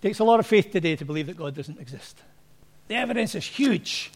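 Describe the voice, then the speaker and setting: A pastor preaching a sermon to his congregation in a very high voice. He talks in a conversational, anecdotal way and often acts out the people he quotes. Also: expressive, fast.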